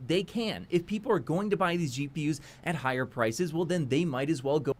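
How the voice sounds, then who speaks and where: A man delivers an indignant opinion piece and mocks opposing arguments in a sing-song tone. His voice sits a little high for a man. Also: lively intonation, fairly quick. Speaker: tech commentator in a played clip. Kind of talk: opinion commentary.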